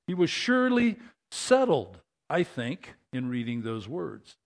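A man delivering a sermon with a somewhat high voice that swings widely, climbing high and loud when excited and dropping low and quiet on key words. He talks in a casual, conversational way, checking in with his listeners. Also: unhurried, gravelly. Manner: animated, conversational, asks the congregation questions. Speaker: pastor.

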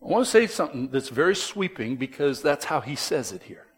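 A man preaching a sermon as pastor, emphatic and conversational, swinging between loud stresses and soft drops, with asides to the congregation. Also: mid-range voice, very animated, brisk, slightly rough.

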